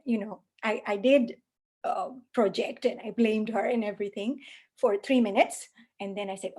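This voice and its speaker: Woman coach lecturing online, kinda high voice, earnest, keeps asking "right?" on a video call mic. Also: moderate pace, darkish tone. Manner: earnest, frequent tag questions like "right?". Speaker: parenting coach. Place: online session with screen sharing.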